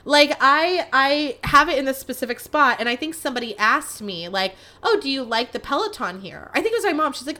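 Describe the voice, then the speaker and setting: A young woman hosts her own podcast and tells a rambling story with lively, self-mocking energy and frequent swearing. Her voice sits a little high and sounds bright and forceful. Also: a little fast, few pauses. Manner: animated, profane, self-mocking. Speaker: podcast host. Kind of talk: casual storytelling monologue.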